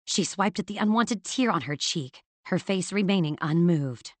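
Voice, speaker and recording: A woman narrating a fantasy audiobook in a measured, dramatic storytelling manner. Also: fairly low pitch, animated, no echo.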